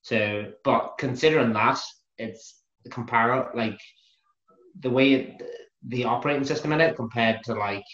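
A man's voice: mid-range voice, unhurried, fairly bright tone. A man co-hosting a gaming podcast, chatting casually and cracking jokes. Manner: jokey, laughs often. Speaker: podcast co-host. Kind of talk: casual chat. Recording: echoey room, dull lo-fi sound.

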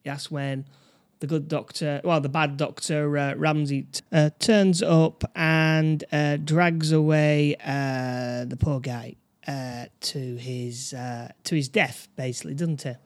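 A man's voice: a little high, steady tone, slow, few pauses. A man in casual chat about a film, prompting with tag questions. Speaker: film review co-host.

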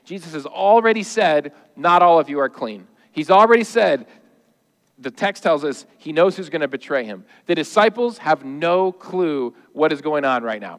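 A male pastor preaching a sermon in a lively, conversational way, with jokes and everyday asides. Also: on the high side, normal speed, long reverb tail.

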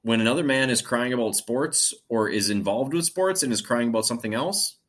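A man chatting casually on a sports podcast in a husky voice with a lively pitch. He swears freely and laughs often, and he gets openly excited about what he likes. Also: fairly quick. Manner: animated, profane, laughs a lot. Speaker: podcast co-host. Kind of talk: casual chat.

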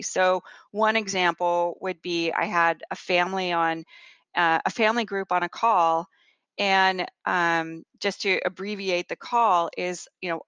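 Speaking in a smooth, low-leaning voice with no audible room, this female interview guest leads rare disease research. Her storytelling is earnest and lively, dotted with fillers and restarts.

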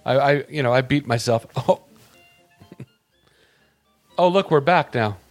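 A man's voice: medium pitch, a little slow, faint music behind. A man co-hosting a morning radio show, wisecracking and gossipy in casual banter.

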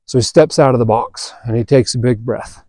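A man hosting a podcast, telling a story in a relaxed, chatty way and acting out the quoted dialogue. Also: mid-range voice, a little fast, no echo, clean studio sound. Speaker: podcast host. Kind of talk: casual storytelling monologue.

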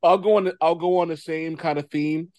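Animated high-voiced man chatting. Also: a little fast, no room sound. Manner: animated, swearing, laughs a lot. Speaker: podcast host. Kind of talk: casual chat.

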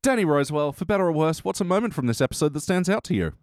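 A man's voice: fairly high pitch, animated, very fast, a little mellow, no room sound, studio quality. A man hosting a podcast, chatting casually and wryly, laughing often. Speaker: podcast host.

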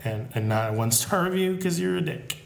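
Deadpan male podcast co-host, roomy sound. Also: fairly high pitch, brisk, creaky, slight background noise. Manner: dry, deadpan joking. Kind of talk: casual chat.

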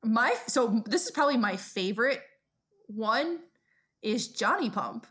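A woman's voice: on the high side, unhurried. Casual New York woman podcast co-host. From Brooklyn, New York. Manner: profane, storytelling, animated. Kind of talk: casual chat.

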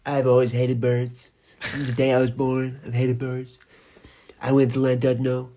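A man putting on the voice of a grumpy man who has always hated birds, grumbling in a flat, sulky way during a podcast chat. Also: mid-range voice, measured pace, a little hiss or hum, lightly acted. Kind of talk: comic bit in a podcast chat.

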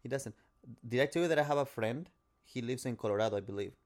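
A young man from Mexico whose first language is Spanish, speaking English with a Mexican Spanish accent in a casual podcast chat, halting and restarting his sentences. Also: medium pitch. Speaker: podcast co-host.

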